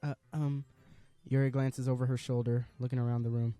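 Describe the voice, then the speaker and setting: A man reading a visual novel aloud in a casual let's-play manner, with wry asides. His voice sits mid-pitch, dark and mellow. The sound is dry, with faint music in the background. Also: little pitch movement, brisk, no echo.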